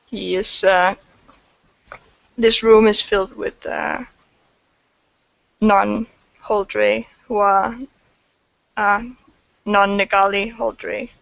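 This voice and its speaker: A woman's voice: mid-range voice, flat delivery, slow, gravelly, pauses often, a bit bright, no echo, dull audio. A woman narrating a tabletop game as game master, hesitant and full of fillers. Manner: hesitant, many fillers and restarts.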